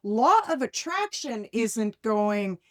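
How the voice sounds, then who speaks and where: A woman hosting a life coaching podcast in casual conversation, animated, often asking "right?" and acting out inner voices. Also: a little high, slow.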